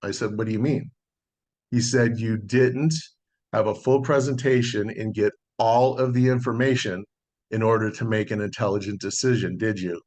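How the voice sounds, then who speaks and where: A middle-aged man, a solar sales consultant, telling a relaxed story in a podcast interview and acting out the dialogue. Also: on the low side, moderate pace. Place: Las Vegas.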